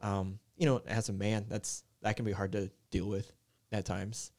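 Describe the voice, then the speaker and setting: A young man, a worship leader, talking in a soft, mellow, easygoing way in a casual podcast chat, with lots of "like" and "you know". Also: lowish voice, flat delivery, moderate pace. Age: young adult. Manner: soft-spoken, mellow, filler-heavy.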